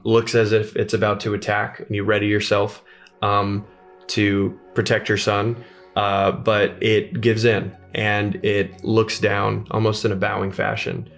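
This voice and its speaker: A man narrating a tabletop game as game master, halting, with many fillers. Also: lowish voice, gravelly, a bit bright.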